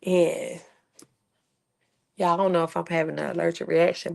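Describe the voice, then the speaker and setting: A woman's voice: fairly low pitch, flat delivery, normal speed, vocal fry. Chatty sarcastic young woman vlogger. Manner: chatty, sarcastic, addresses viewers as y'all. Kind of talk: casual chat to viewers.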